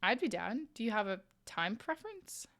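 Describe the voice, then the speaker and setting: A woman streamer chatting casually with her viewers while crocheting, playful and quick to laugh. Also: medium pitch, big pitch swings, a bit bright. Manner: playful, laughs often, reads chat aloud.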